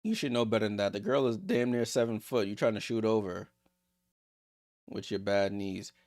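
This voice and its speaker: A man streaming a basketball watchalong, calling plays in casual, excitable, joking commentary. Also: lowish voice, normal speed, no echo, clean studio sound. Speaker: streamer hosting a game watchalong. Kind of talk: casual live play-by-play commentary.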